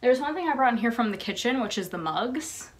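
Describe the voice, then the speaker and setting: A woman's voice: on the high side, lively intonation, a little fast, a little hiss or hum. A young woman rambling casually in her bedroom, showing off her fan merchandise, with lots of "like" and giggles. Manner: rambling, giggly, says "like" a lot. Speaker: vlogger. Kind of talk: casual show-and-tell vlog.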